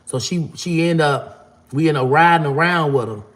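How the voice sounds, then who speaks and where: With a fairly high, slightly bright voice at a moderate pace, this vlogger, a man in his 40s from Florida, rambles through a lengthy, foul-mouthed story told casually. Whenever he quotes someone, he acts it out loudly.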